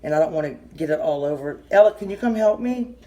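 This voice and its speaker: A middle-aged woman with a Southern US accent giving a casual kitchen how-to, rambling and halting, often stopping mid-sentence to restart. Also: sits low, expressive, dark tone. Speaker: home cooking channel host.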